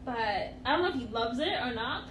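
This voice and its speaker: A woman's voice: fairly high pitch, lively intonation, brisk, roomy sound, a crowd in the background, rough recording. A woman co-hosting a casual chat, telling a story with lots of giggling. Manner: giggly, storytelling, frequent laughter. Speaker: podcast co-host.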